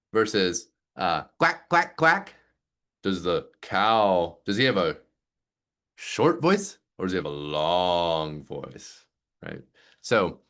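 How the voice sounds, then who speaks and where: A man in his thirties, a music teacher explaining his method in casual talk and acting out sounds with his voice. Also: fairly low pitch. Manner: animated, demonstrates sounds with voice play.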